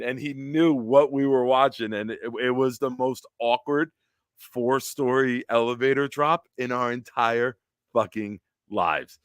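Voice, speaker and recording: A man hosting a casual live-stream chat, telling stories and acting out other people's lines loudly. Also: mid-range voice, moderate pace, clear, resonant tone, no echo, studio quality. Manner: animated storyteller, acts out quotes loudly. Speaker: podcast host.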